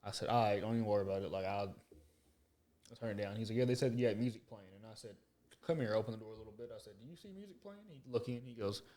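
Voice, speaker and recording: Fast-talking man telling a profane story. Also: fairly low pitch. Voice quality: profane, animated storyteller who acts out quotes. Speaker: podcast co-host. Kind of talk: casual storytelling chat.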